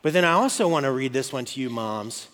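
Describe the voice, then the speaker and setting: A man's voice: medium pitch, expressive, fairly quick, a bit bright. A man in his forties preaching a casual, joking sermon to mothers, checking in with the crowd often. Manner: conversational and joking, with frequent "okay?" and "right?". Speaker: pastor. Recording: long hall reverb.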